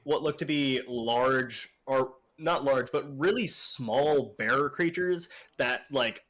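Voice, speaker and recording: A man's voice: mid-range voice, fairly bright tone. A young man narrating a tabletop game as game master, casual and rambling, with swearing.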